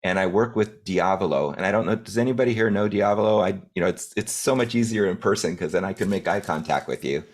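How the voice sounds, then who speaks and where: A man speaking as a guest to a group in a direct, measured way, with occasional restarts. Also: sits low. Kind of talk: business talk to a group.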